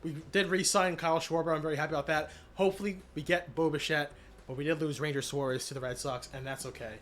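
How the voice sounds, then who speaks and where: A man streaming live, recapping his channel's year in a casual, energetic way with many fillers and shout-outs, voice cracking after being sick. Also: fairly high pitch, fast, a little hiss or hum. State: recovering from illness, voice cracking.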